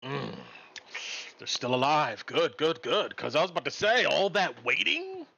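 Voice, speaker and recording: A man voicing a laid-back, sarcastic male rogue who swears casually and drawls a bit lower than his own voice. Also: big pitch swings, unhurried, creaky, pushed and bright, slightly rough, dull audio, exaggerated voice. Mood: sardonic.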